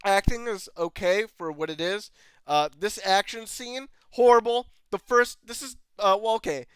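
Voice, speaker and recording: Online reviewer, ranting commentary, swears and laughs a lot, incredulous, smooth voice, dry close sound. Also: mid-range voice, normal speed, dry recording. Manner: laughs often between lines, swears freely; exasperated, incredulous rhetorical questions. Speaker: video reviewer. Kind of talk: ranting commentary over footage.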